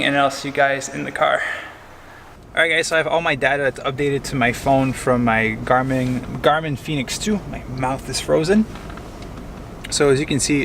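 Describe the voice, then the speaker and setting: Young guy vlogging mid-workout, kinda breathless, bright voice, faint hum behind. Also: medium pitch. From Quebec. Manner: chatty, talks while cycling on indoor trainer. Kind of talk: casual vlog. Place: indoor cycling studio, then car and kitchen.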